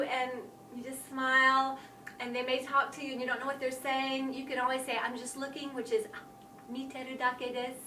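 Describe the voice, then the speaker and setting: A woman leading a casual phrase lesson for a travel group, repeating each phrase slowly in a chatty way with fillers. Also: pushed and bright. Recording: roomy sound from a distant mic, faint rumble.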